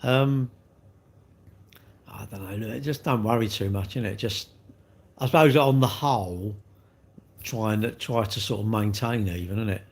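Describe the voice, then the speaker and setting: A man's voice: fairly low pitch, measured pace, pauses often. An English man chatting on a live stream, rambling and blunt as he answers viewers in a slangy way.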